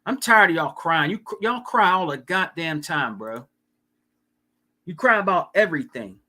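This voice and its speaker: A man's voice: on the high side, lively intonation, normal speed, sharp tone. A man hosting a casual live stream, ranting and swearing, with lots of "you know what I mean.". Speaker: podcast host.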